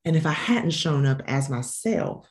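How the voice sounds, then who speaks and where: A woman with a Southern American accent, answering interview questions as an education consultant and coach in an earnest, emphatic way, slowing down to stress key phrases. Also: deep voice, animated, a little mellow.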